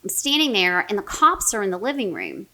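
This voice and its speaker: Female therapist, 40s, podcast guest; animated storyteller, mid-range pitch. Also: fairly quick. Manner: animated, many fillers like "right?" and "like". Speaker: mental health therapist, guest. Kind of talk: casual storytelling in a podcast interview.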